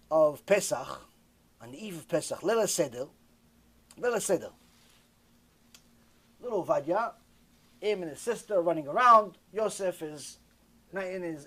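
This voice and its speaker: A rabbi telling a sermon story in an animated, repetitive way, acting out the dialogue himself. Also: male voice, sits high.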